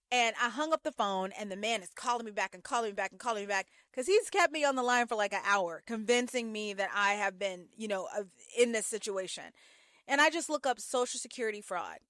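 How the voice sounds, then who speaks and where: A young woman giving a casual commentary vlog, telling stories in an animated way with sudden jumps in pitch. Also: a little fast, no room sound, clean studio sound. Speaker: YouTube commentator.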